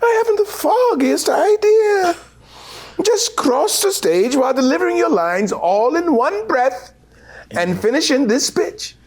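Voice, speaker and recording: A man putting on a plummy, high-pitched British stage director. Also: sing-song, unhurried, darkish tone, exaggerated voice. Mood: imperious. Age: older. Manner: plummy, commanding, sing-song counting. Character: tall gaunt pompous British theatre director.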